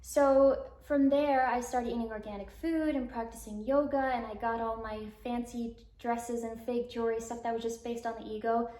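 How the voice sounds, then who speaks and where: Guest, woman in her twenties from Alabama, higher voice, rambling storyteller, echoey room. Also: fairly even intonation, normal speed, hardly any pauses, mellow. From Alabama, US South. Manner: rambling, lots of "like", acts out quoted dialogue. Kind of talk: personal storytelling interview.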